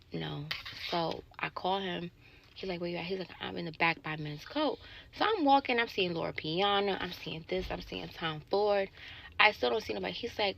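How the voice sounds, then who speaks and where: A woman telling a casual story to camera about a bad date, indignant and animated, swearing and acting out both sides of the dialogue. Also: lowish voice, creaky. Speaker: sales associate telling a dating story.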